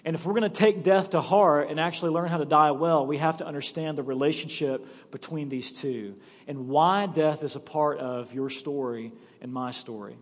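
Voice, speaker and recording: A man preaching a sermon as pastor, reading scripture slowly and dropping his voice low, then pressing his points hard to the congregation. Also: in a large hall. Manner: emphatic preaching, slows and drops low for scripture. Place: church sanctuary.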